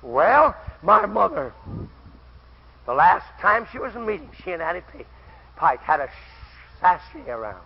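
An older man preaching a fervent camp meeting sermon, telling stories with quoted voices and breaking into shouts, on an old recording. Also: sits high, big pitch swings, measured pace, creaky, slightly rough. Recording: dull lo-fi old tape recording.

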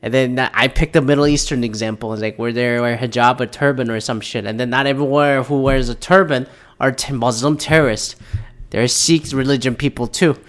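Young male vlogger, mid-range voice, casual sweary rant, loud then mumbling. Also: medium pitch, brisk. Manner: profane, animated ranting with sudden loud bursts and mumbled asides. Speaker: vlogger reacting to news. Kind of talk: casual ranting commentary.

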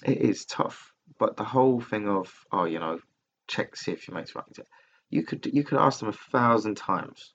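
Recorded on laptop software, a man hosts a podcast by himself, giving a casual, candid personal monologue that rambles, with frequent swearing and restarted sentences. His lowish, creaky voice is a bit bright, with lively intonation and a normal speed. The highs are cut off, and there is a little hiss or hum.

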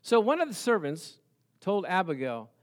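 A man with a high speaking voice preaches a sermon. He tells the story in an animated way, throwing rhetorical questions at his listeners and chuckling as he goes. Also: normal speed. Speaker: pastor.

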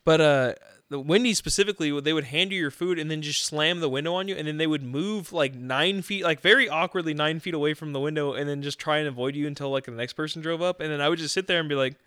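Smooth-voiced young man telling stories. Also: a little high, quick pace, no room sound, studio quality. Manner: profane, animated storytelling with laughs. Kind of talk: casual chat.

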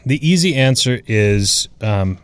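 Man, show guest, easygoing, gracious, mid pitch, dry close recording. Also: expressive, slow pace, clear, resonant tone, no room sound. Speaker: guest, whisky brand representative. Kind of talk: casual chat.

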